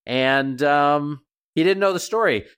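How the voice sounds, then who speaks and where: A middle-aged man, a veterinarian guest, telling stories in a casual radio interview with lively jumps in pitch. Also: unhurried, clear, resonant tone. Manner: animated storyteller, pitch jumps up when excited.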